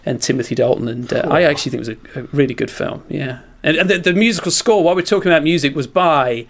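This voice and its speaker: A man from Britain talks fast in a slightly raised register, winding through an anecdote with restarts and self-deprecating asides. His delivery is casual and chatty. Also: on the high side. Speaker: sports journalist and guest. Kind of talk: casual chat, storytelling.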